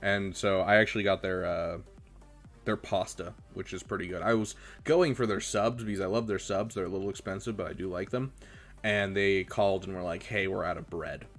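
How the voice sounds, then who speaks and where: A young man with a somewhat low voice talks loosely on his live stream, handing out tips between plenty of ums and uhs. Faint music plays quietly behind him. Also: brisk. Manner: relaxed, chatty, many fillers, gives advice. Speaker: streamer reviewing viewers' game rosters. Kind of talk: casual live-stream chat.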